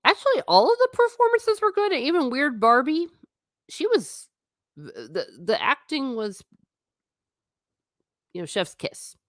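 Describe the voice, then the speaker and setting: A woman's voice: high-pitched, a little slow, pauses often, no room sound. Chatty woman live-streaming, dry close sound. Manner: chatty, animated, reads viewer comments aloud. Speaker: host. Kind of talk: casual live-stream chat.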